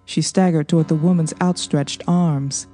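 A woman narrating a novel as an audiobook, reading in a steady, measured way. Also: deep voice, faint music behind. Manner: steady, even, measured storytelling. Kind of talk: scripted narration.

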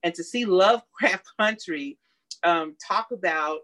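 A woman co-hosting a podcast, chatting casually with animated reactions. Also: on the low side, a little slow.

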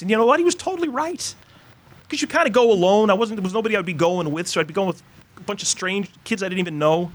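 A man's voice: high-pitched, quick pace. A Catholic priest in his fifties giving a sermon in a casual, conversational storytelling way, full of fillers and asides. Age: 50s.

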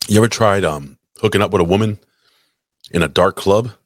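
Low, husky, profane man. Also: fairly quick, no echo, clean studio sound. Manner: crude, profane, teasing. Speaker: podcast co-host. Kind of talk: casual chat.

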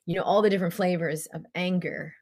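A woman's voice: lowish voice, fairly even intonation, a little fast, a little mellow. A middle-aged woman, a spiritual coach, talking casually and animatedly, full of fillers and acted-out quotes. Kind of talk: casual motivational talk.

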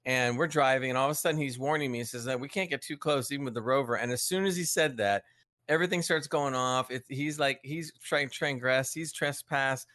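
A man's voice: medium pitch, a little fast, pushed and bright, dry recording, studio quality. A man on a podcast, casually telling a gaming story with chuckles and friendly asides. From United States. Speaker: podcast co-host. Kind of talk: casual chat.

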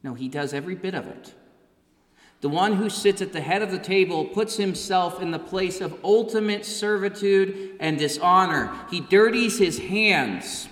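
An earnest male pastor delivers a sermon, hammering his points home with repeated phrases. His voice is on the high side for a man, and a long reverb rings out behind every word in the large, echoey church. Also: a bit bright. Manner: earnest, emphatic repetition.

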